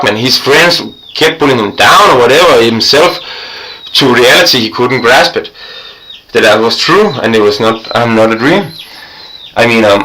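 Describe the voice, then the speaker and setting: Profane, excitable man with bright voice. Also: medium pitch, vocal fry, slight background noise, low-quality recording. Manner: profane, excitable, swings between loud and quiet. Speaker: vlogger. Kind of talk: rambling storytelling monologue.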